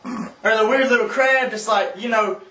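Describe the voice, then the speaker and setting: Young Southern guy, high and bright, cussing and laughing through a story, far mic in echoey room. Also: moderate pace. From South Carolina, US. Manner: animated, profane, laughs often, yelps in quoted outbursts. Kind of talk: casual anecdote among friends.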